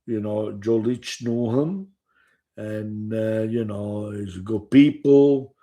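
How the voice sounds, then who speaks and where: Speaking slowly in a mellow, fairly low voice, an older former gambler reminisces about his past. His casual storytelling rambles, turns profane, and is full of "you know."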